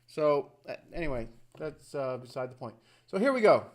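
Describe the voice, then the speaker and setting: High-voiced man rambling to camera. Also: very animated, normal speed. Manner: rambling, conversational, fond of asides. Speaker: video host. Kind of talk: casual commentary to camera.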